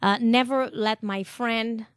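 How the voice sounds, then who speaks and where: A woman with a Brazilian accent, a podcast guest telling stories in a laughing, swearing, animated way. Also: on the high side, slow, smooth, dry recording, studio quality. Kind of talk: casual storytelling.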